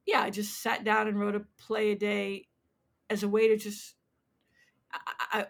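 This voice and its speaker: A woman in her sixties from the United States, a playwright telling animated stories in an interview and acting out voices as she goes. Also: mid-range voice. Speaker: playwright guest. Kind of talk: interview storytelling.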